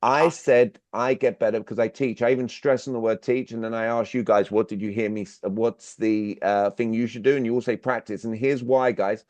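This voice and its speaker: A man's voice: fairly low pitch, steady tone, moderate pace, hardly any pauses, darkish tone, no echo. A man leading an online sales workshop, talking directly and drilling his listeners with questions. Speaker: workshop speaker. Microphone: video call. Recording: dull, dry video-call audio.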